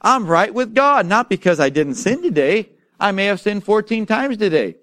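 High-voiced man preaching emphatically. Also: sing-song, fairly bright tone. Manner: emphatic, calls for congregation responses, slows to read scripture. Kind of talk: sermon.

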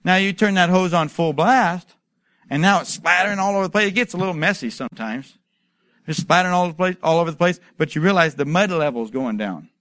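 A man preaching a sermon with a fairly high voice, recorded close and dry. He moves from quiet storytelling to emphatic, rising exhortation, peppered with rhetorical questions and acted-out asides. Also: expressive, fast talker, dry recording. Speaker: pastor.

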